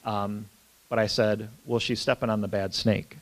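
A man's voice: on the low side, level tone, moderate pace. Man telling funny childhood stories. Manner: humorous, self-deprecating anecdotes with frequent fillers. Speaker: priest. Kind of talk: storytelling talk.

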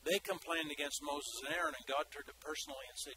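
A man's voice: a little high, animated, fast, noisy background. A man preaching a sermon as pastor, reading Bible passages aloud with emphatic repetition and asides to the congregation.

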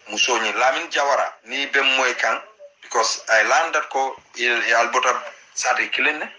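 Man, Gambian accent, political commentary, impassioned, very bright sharp tone, repeats himself for emphasis. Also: medium pitch, normal speed, poor audio. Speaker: political party activist.

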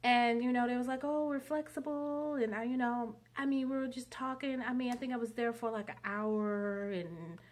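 A woman's voice: on the high side, fairly even intonation, normal speed, hardly any pauses. A woman vlogger telling a long story in a rambling, chatty monologue. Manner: chatty, rambling, many fillers.

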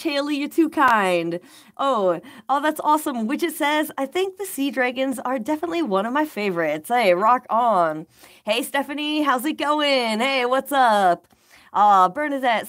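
A woman's voice: sits high, fairly bright tone. A woman hosting a casual game live stream, upbeat and easygoing, greeting viewers by name and chatting between moves. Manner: laid-back slang like "rock on" and "baby".

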